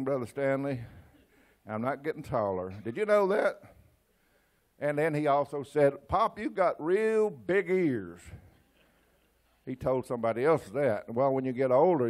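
A man's voice: medium pitch, expressive, moderate pace, darkish tone. An older man in his sixties with an East Texas accent, preaching a folksy sermon full of personal stories and stammered restarts. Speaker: church speaker.

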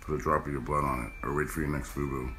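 A man's voice: extremely low pitch, level tone, fast talker, sharp tone, a little hiss or hum. A man giving stern step-by-step instructions and a blunt warning. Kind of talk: instructional monologue.

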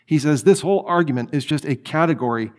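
Male lecturer, higher-set voice, chatty teaching style, animated delivery. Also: fast. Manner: conversational, animated, with many restarts. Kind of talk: apologetics lecture.

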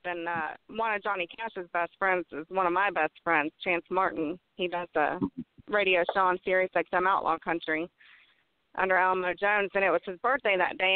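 A woman's voice: on the low side, smooth, no echo. A woman from West Virginia, a podcast guest telling stories casually, laughing often and swearing freely. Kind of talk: casual storytelling. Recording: phone-like line.

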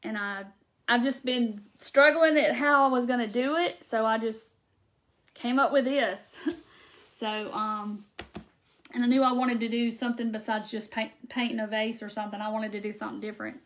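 Brief: Southern woman craft-stream host, Mississippi drawl, a touch high, folksy and chatty. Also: steady tone, normal speed, a bit bright. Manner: chatty, folksy, laughs often. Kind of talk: casual live chat with viewers. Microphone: phone or webcam on a live stream.

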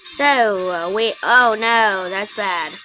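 A woman hosting her own gaming channel, giving casual commentary as she plays and bursting into excited shrieks. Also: mid-range voice, slow, muffled recording, soft background music.

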